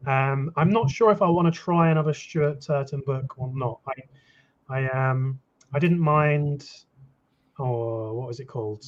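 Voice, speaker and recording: A man's voice: mid-range voice, unhurried. A man chatting casually on a livestream video call, hesitant and full of ums and restarts. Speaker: livestream guest. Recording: dull lo-fi call audio.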